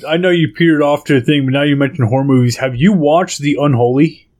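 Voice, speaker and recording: Profane, animated man telling stories. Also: fairly high pitch, quick pace. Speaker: podcast co-host. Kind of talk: casual chat.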